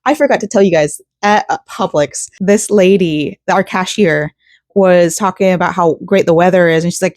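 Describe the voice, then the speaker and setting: A woman's voice: lowish voice, moderate pace, darkish tone, no echo. A young woman from Florida chatting casually in a rambling, giggly way while she crochets, close to the mic. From Florida, USA. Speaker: vlogger.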